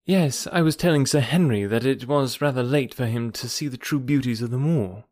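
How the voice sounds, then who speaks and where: A man voicing a young woman in an audiobook, speaking in a low, eager voice with a slight lisp and hushed, hurried warnings. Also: dry recording, studio quality, close to an everyday voice. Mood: polite. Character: young woman, urgent and secretive. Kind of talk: audiobook character voice.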